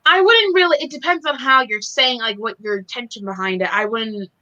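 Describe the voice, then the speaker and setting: A woman's voice: a little high, brisk, bright, forceful tone, dull audio. A woman in casual chat, giggly and hesitant, often trailing off and restarting. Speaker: co-host.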